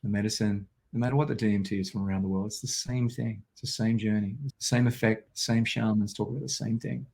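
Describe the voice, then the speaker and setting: A man's voice: fairly low pitch, steady tone, quick pace, vocal fry, few pauses, a little mellow. An Australian man telling a personal story as an interview guest, vivid and intense, acting out quotes.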